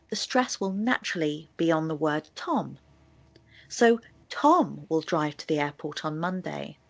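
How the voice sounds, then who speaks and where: A woman presenting a scripted video lesson on sentence stress, explaining with spoken examples. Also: on the low side. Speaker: English tutor in a video.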